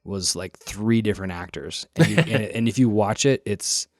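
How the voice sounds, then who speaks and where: A man on a podcast in casual chat, joking and chiming in with quick asides. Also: lowish voice, dry recording, studio quality.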